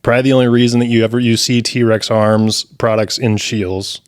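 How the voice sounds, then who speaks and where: A young adult man co-hosting a podcast in casual chat, summing up news with deadpan jokes. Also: mid-range voice, normal speed, smooth. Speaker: podcast co-host.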